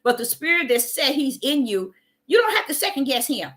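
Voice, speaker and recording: Woman, preaching online, emphatic, repetitive, shouted bursts, high voice, bright and tense tone. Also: very animated, fairly quick.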